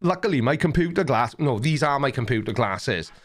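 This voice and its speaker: A man's voice: mid-range voice, animated, brisk. Rambling man hosting a livestream. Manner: rambling, self-deprecating, reads chat comments aloud. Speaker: livestream host. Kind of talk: casual livestream chat.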